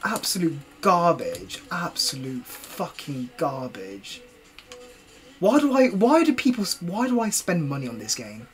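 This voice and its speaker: A man's voice: high voice, huge pitch swings, normal speed, hardly any pauses, faint music behind. A young man live-streaming a video game, cursing and ranting at himself in casual commentary. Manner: swears a lot, exasperated ranting, talks to himself.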